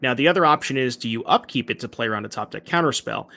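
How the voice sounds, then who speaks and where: A man's voice: mid-range voice, expressive, pushed and bright. A man giving analytical commentary on a card game tournament, weighing options. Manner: quick, analytical.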